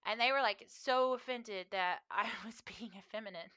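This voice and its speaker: A woman's voice: fairly high pitch, normal speed, sharp tone, clear, resonant tone. A woman streamer chatting casually with her viewers while playing a game, in a rambling, chatty way. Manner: chatty and rambling, talking to chat. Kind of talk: casual chat while gaming.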